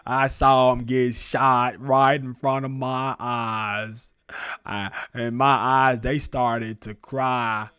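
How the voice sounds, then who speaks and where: A man doing a slow drawling Forrest Gump. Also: mid-range voice, level tone, a bit bright, clean tone, dry recording, clean studio sound. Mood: mournful. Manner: slow drawling storytelling, crude jokes. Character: slow simple-spoken grieving Southern man. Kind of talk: comic impersonation on a live stream.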